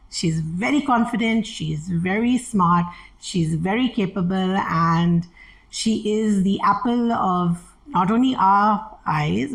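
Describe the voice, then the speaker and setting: Middle-aged woman, low gravelly voice, animated storyteller, voices the people she quotes. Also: low-quality recording. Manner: animated, acts out quoted dialogue. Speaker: interview guest. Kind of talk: candid personal storytelling.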